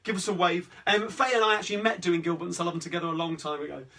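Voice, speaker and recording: A man with a Cockney accent chatting between songs as the host of a live-streamed sing-along, rambling cheerfully through requests and shout-outs. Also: sits high, fairly even intonation, racing. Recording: distant mic with guitar playing.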